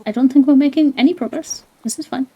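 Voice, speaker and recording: A woman streaming a video game, chatting casually, playful and quick to laugh. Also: sits high, dark tone. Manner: playful, laughs often, apologizes in mock panic. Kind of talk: casual gaming commentary.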